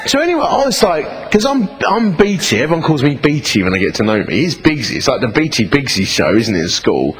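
A middle-aged man with an Essex accent giving a humorous personal testimony to an audience, telling it as lively comic storytelling and acting out both sides of the dialogue. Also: on the high side, fairly quick, few pauses, a faint crowd, rough recording. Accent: Essex English. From England. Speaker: speaker giving his testimony.

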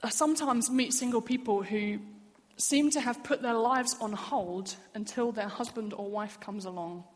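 A woman's voice: a little high, moderate pace, few pauses, in a large hall. A woman giving an earnest, personal sermon in a church. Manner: earnest, candid, personal storytelling. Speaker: church speaker.

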